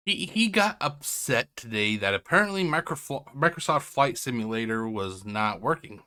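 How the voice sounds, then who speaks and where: A man's voice: mid-range voice, big pitch swings, moderate pace, hardly any pauses, pushed and bright. A man hosting a reaction stream from home, talking in a rambling, sarcastic, self-interrupting way. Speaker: react channel host. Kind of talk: casual commentary. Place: home, indoors.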